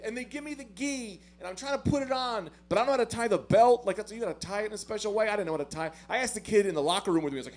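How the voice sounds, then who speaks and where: A man doing a stand-up comedy set, telling self-deprecating stories in an animated way with loud swings. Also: on the high side, very fast, few pauses.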